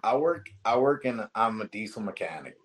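A man, a diesel mechanic, chatting casually and cursing easily. His voice sits a bit low and his delivery is relaxed. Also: brisk. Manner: laid-back, swears, short remarks. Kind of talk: casual chat.

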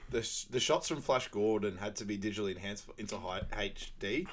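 A man's voice: lowish voice, a little fast, a little hiss or hum. A man co-hosting a casual podcast, retelling film scenes loosely with frequent "like" and laughter. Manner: loose, giggly, leans on "like". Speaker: podcast co-host.

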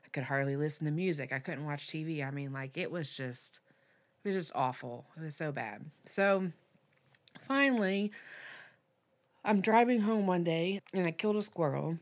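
On a podcast, a low-voiced woman in her thirties opens up about something personal, speaking candidly but haltingly, restarting often and leaning on fillers.

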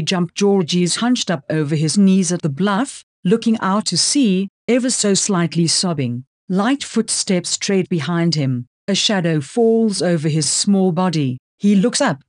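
A woman narrating an audiobook in a measured, matter-of-fact way. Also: on the low side, expressive, dry recording, studio quality. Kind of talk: scripted narration.

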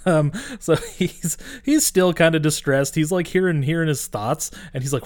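A man co-hosting a podcast, recapping a movie in casual, profane, rambling chat and dropping into quick character voices. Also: fairly high pitch, a little mellow, dry recording. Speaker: podcast co-host.

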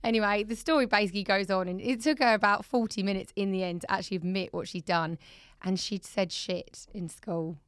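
A woman in her thirties chatting casually as a podcast co-host, telling an animated parenting story. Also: medium pitch, fairly quick, clear, resonant tone, no echo, clean studio sound. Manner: animated storyteller, acts out a child's voice in quotes. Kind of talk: casual chat.

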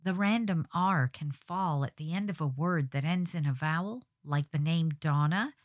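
A woman with a low, deep-set voice and a British accent talks through her own solo podcast. Her delivery is wry and reflective, with the even flow of a prepared script. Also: normal speed. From Britain. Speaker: podcast host.

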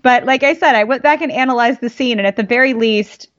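A woman's voice: on the high side, fast, no room sound. Emphatic woman with a dull, dry mic sound. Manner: animated, emphatic storyteller, voice jumps up for emphasis. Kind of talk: casual fan chat.

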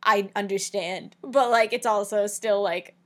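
A woman co-hosting a podcast, recapping a TV episode in casual chat, wry and full of quick asides. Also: medium pitch, steady tone, fairly bright tone. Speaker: podcast co-host.

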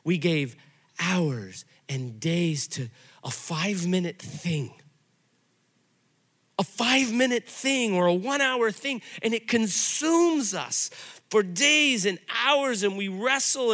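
Lively, bright-voiced man preaching. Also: high voice, slow pace. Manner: storytelling, animated and conversational. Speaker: pastor. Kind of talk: sermon.

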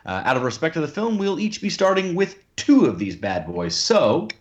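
A man's voice: a little high, sing-song, normal speed. A man hosting a podcast in casual chat, playful and theatrical in his introductions. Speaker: podcast host. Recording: dull lo-fi podcast audio.

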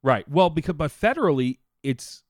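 A man's voice: a little high, lively intonation, moderate pace, dry recording, studio quality. A man co-hosting a podcast, chatting casually and swearing now and then. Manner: conversational, swears casually, talks while eating. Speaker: podcast co-host. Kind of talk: casual chat. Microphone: close podcast mic.

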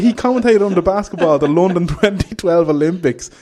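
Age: adult. Sex: man. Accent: Irish. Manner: animated storyteller. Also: a little high, moderate pace, few pauses. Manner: animated storyteller, laughs often. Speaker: guest. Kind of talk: casual podcast chat.

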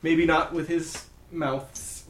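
A man's voice: a little high, flat delivery, takes it slowly, a bit bright, echoey room. A man co-hosting a comedy chat, teasing the others with mock-dramatic lines. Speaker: podcast co-host.

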